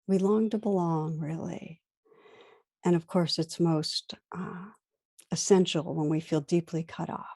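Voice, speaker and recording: A woman meditation teacher giving a gentle, reflective dharma talk, weaving in stories. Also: on the low side, fairly even intonation, a little slow, no echo.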